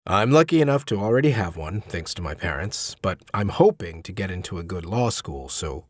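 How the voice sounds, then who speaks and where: A man playing a composed young man, dry understated replies, lowered pitch, audiobook. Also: big pitch swings, a little fast, dry recording. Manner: low-key, dry, understated. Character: composed young male student, quietly confident.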